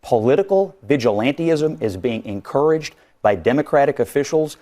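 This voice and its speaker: Male TV pundit, steady mid voice, argumentative, rhetorical. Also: medium pitch, moderate pace. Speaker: political commentator. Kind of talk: TV panel commentary.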